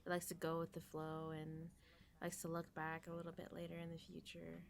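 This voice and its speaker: Woman on a podcast, lowish voice, tons of "like, you know", trails off quiet. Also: completely flat delivery, fairly quick, vocal fry. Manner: rambling, full of fillers, trailing into near-whispers. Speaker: podcast guest. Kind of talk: casual chat.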